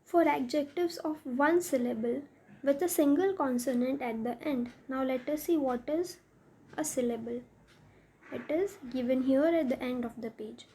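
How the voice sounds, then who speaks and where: Woman teacher, high mellow voice, patient step-by-step grammar explainer. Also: slight background noise. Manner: slow, step-by-step explaining, spelling out letters.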